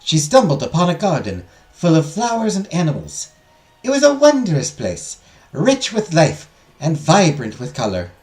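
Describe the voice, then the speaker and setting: A man's voice: huge pitch swings, normal speed, darkish tone, faint music behind. A man playing a theatrical female teacher. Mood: storytelling. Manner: dramatic storytelling lilt, pitch swooping up. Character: female magical history teacher, grandly theatrical. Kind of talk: reading visual novel lines aloud.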